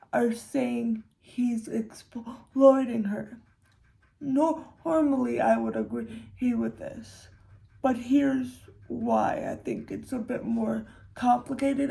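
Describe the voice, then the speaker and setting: A young woman giving a casual commentary monologue, unhurried and hesitant, with sarcastic asides and frequent restarts. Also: fairly high pitch, gravelly, dark tone. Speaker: commentary creator.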